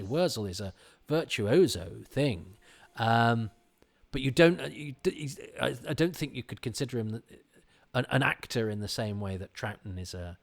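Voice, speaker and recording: Male commentator, lower register, chatty, self-interrupting. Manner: rambling and self-interrupting, frequent restarts. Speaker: commentator on a classic TV episode. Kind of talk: casual commentary chat.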